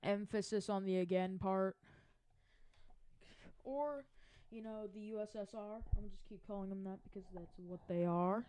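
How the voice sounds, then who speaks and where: A woman's voice: medium pitch, normal speed, dark tone, clear, resonant tone. A woman casually narrating a mapping video from her chair at home, rambling and correcting herself as she goes. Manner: rambling, self-correcting, chatty. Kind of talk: casual narration over a map.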